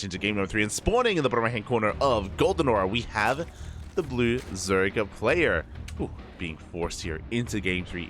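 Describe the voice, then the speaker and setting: A young man doing live play-by-play commentary on a strategy video game, sleepy and slightly slurred, excitable during fights. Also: fairly low pitch. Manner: excitable, drowsy between fights. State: just woke up, slurring. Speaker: esports caster.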